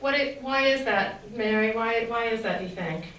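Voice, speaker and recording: A woman's voice: a little high, normal speed, fairly bright tone. A woman giving an earnest, reflective faith talk in a sermon style, often posing rhetorical questions. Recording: very echoey, distant mic with faint ambience.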